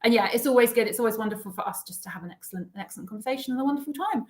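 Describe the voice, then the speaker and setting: A woman's voice: on the high side, racing. A woman co-hosting a live whiskey tasting in casual chat, enthusiastic and given to repeating her phrases.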